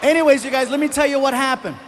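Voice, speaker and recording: A male comedian with a strikingly high voice spins a long story on stage. He is animated and slips in and out of the voices of the characters he describes. A faint hum of the live room sits behind him. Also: fast, crowd noise. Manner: animated, acts out voices of people in his stories. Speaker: stand-up comedian. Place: large theater stage with live audience.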